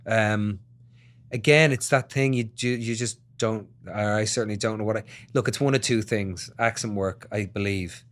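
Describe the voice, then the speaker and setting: Low-voiced Irish man, reflective. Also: fairly even intonation, moderate pace, fairly bright tone. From Ireland. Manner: reflective, thinks aloud with restarts. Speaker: actor guest. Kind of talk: casual interview.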